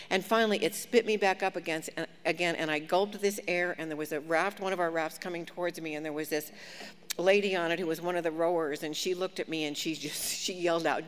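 A woman preaching a sermon, telling a personal story with lively, self-mocking humor. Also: fairly low pitch. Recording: long hall reverb, faint background noise.

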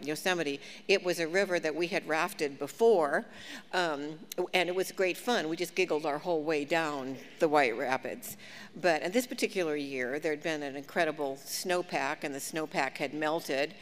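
Female preacher, animated self-mocking storyteller, faint background hiss. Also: low-pitched. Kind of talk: sermon with personal story. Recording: long hall reverb, faint background noise.

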